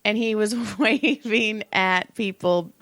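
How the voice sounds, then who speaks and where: A woman's voice: medium pitch, slow pace, no echo. Profane, chatty middle-aged woman on a dry mic. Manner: profane, animated storytelling with put-on quoted voices. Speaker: podcast co-host. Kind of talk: casual chat.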